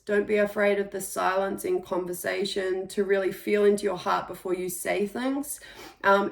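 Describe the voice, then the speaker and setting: A woman talks through a monthly intuitive energy reading in a gentle, unhurried way. She pauses softly between her thoughts, and her voice sits at an ordinary middle pitch for a woman. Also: creaky. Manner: gentle, reflective, with soft pauses. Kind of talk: spiritual monthly reading, casual monologue.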